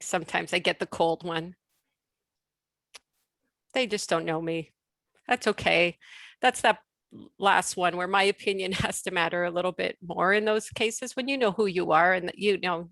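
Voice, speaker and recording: Gravelly-voiced woman speaking on a video call. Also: lowish voice, no echo. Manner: animated, quick restarts, laughs between points. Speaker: guest speaker on leadership. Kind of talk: casual conversational webinar talk.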